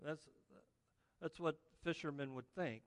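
A man preaching a sermon as pastor, telling the story in an animated way and acting out the scenes. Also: fairly high pitch, measured pace. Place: church sanctuary. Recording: long reverb of a large hall.

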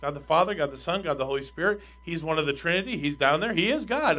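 A man preaching a sermon as pastor, emphatic and asking his congregation rhetorical questions, with his voice swinging between loud and quiet. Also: on the high side, expressive, quick pace, hardly any pauses.

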